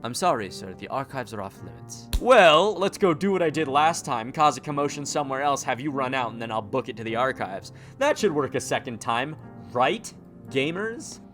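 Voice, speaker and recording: A man's voice: mid-range voice, lively intonation, moderate pace, fairly bright tone, faint music behind. A man doing casual, jokey let's-play commentary on a horror game, breaking into self-interrupting asides. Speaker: gaming channel host.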